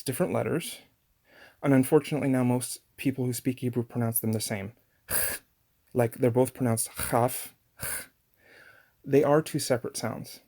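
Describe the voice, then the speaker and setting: A man's voice: mid-range voice, creaky, dark tone. A man giving a casual language lesson on pronunciation, chatty and full of fillers and restarts. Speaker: language teacher.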